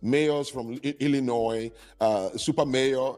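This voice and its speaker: A man's voice: medium pitch, steady tone, unhurried, darkish tone. Sardonic male panelist from Africa. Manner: listing points, sardonic. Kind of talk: casual live-stream debate.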